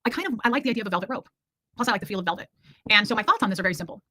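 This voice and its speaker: A livestream host in her forties chats candidly and playfully with viewers, reacting to their comments at a very fast, animated pace. Her mid-range voice is bright and forceful, recorded without room sound.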